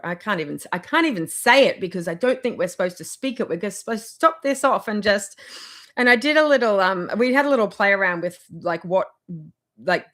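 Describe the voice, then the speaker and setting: Chatty woman vlogging wellness tips, rambly and giggly, average pitch. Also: a bit bright. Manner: rambling, chatty, laughs often. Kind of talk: casual motivational chat.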